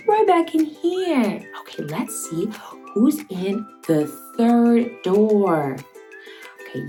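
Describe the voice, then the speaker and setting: A young woman hosting a toddler learning video, talking in a slow, exaggerated sing-song way and playfully making animal sounds. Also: on the high side, warm tone. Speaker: children's educational host.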